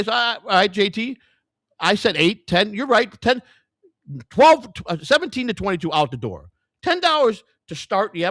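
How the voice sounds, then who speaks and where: A man's voice: a little high, no echo, studio quality. Rambling, profane man on a live stream. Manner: rambling, profane, thinking out loud to chat. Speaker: livestream host. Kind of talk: casual live-stream commentary.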